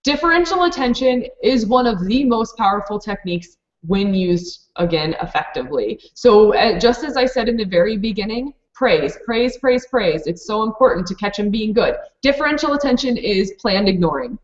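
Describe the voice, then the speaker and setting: A woman's voice: medium pitch, animated, moderate pace, few pauses, roomy sound, muffled recording. A woman who runs a preschool program, presenting a live online training for teachers in a practical, explanatory way with many fillers and restarts.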